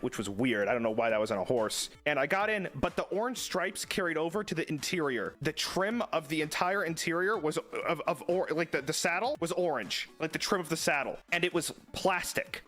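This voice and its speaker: Young man, slightly high-pitched, casual livestream storytelling, animated, swears, mock outrage. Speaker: streamer.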